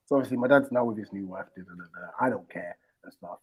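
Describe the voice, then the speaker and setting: A man telling a long personal story in casual chat, animated and full of slang and fillers. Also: on the low side, breathy edge, low-quality recording. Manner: animated, acts out quoted people in a raised voice. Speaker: stream host.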